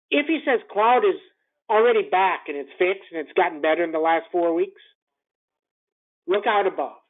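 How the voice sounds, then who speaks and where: A man runs through a morning market call in a blunt, animated way, looping back on phrases and firing off rhetorical questions. His voice swings up and down in pitch. The sound is thin and phone-like. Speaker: stock trading commentator. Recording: tinny phone-line sound.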